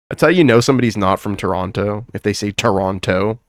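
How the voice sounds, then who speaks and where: A man's voice: fairly low pitch, fast talker, dry recording, studio quality. A man hosting a podcast in casual chat, joking, swearing and laughing often. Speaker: podcast host.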